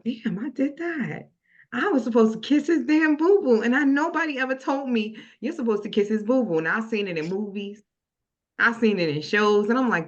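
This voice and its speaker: A middle-aged woman hosting a casual podcast discussion, telling stories from her own parenting with lively quoted voices. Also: on the high side, lo-fi sound. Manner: storytelling, animated when quoting her son. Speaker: podcast host.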